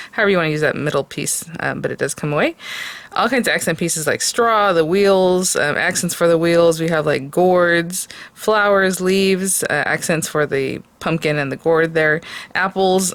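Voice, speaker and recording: A woman hosting a craft video, chatting casually with many fillers as she shows supplies. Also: low voice. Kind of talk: casual product review and tutorial.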